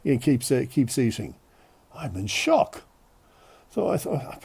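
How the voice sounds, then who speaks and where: Male podcast host, storyteller, a cold in the voice, dark and raspy. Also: medium pitch, slow. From Ireland. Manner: chatty, self-deprecating, animated storytelling. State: has a cold. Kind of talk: casual storytelling.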